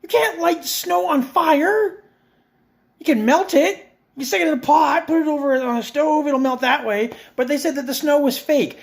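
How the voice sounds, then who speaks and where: A middle-aged man in a friend's house, ranting with heavy swearing, exasperated and sarcastic. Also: very high-pitched. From Canada. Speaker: vlogger. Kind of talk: profane comedic rant.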